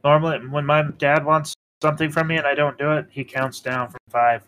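A man's voice: fairly high pitch, steady tone, brisk, a bit bright. A man at a tabletop game describing his moves plainly. A faint noise hums behind him. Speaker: player. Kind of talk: casual game chat.

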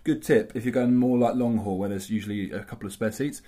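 A man's voice: lowish voice, fast, mellow. A man co-hosting a podcast, telling casual stories, swearing freely and acting out the voices of the people he describes. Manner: swears freely and acts out quoted voices in anecdotes. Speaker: podcast co-host. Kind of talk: casual chat.

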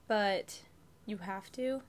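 A woman's voice: medium pitch, takes it slowly. A young woman chatting as a podcast guest, giggling often, nervous and swearing freely. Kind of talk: casual chat.

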